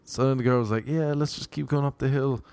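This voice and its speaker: A man's voice: medium pitch, steady tone, fast, a little mellow, no echo. A young Irish man telling a rambling, self-mocking anecdote in casual chat, slipping into voices for the people he quotes. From Ireland. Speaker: storyteller.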